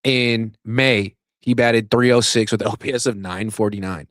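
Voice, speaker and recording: A man's voice: lowish voice, moderate pace, no room sound, clean studio sound. A man hosting a sports show, ranting in casual, sarcastic commentary that is full of swearing, and getting worked up as he goes. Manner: animated, sarcastic, swears, rants at length. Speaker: sports podcast host.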